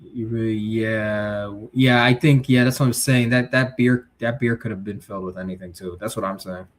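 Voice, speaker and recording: A man's voice: lowish voice, normal speed. A male livestream host chatting casually, reading viewer comments and giving blunt, slangy takes. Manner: blunt, animated, street slang.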